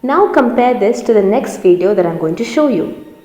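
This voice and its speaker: Woman instructor, mellow tone, lecture delivery in a reverberant hall. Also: mid-range voice, lively intonation, moderate pace. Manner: explanatory, emphatic teaching. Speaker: presentation skills instructor. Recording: roomy hall with long reverb.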